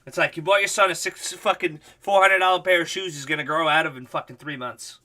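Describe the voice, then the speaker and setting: A man's voice: fairly high pitch, steady tone, fairly quick, pushed and bright. A male livestream host telling a rambling, profane story in casual chat.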